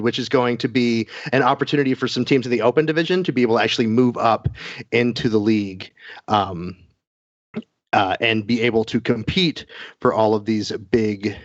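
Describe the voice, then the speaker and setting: A man's voice: mid-range voice, no echo. A man co-hosting a casual gaming news podcast, chatty and rambling with lots of fillers. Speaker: podcast co-host. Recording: dull lo-fi sound.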